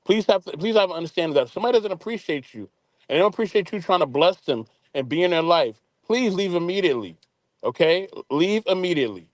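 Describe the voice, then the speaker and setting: A man's voice: on the high side, no echo. A man on a call-in show giving earnest, preachy advice straight to the listeners. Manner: preachy, addresses listeners directly. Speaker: call-in guest.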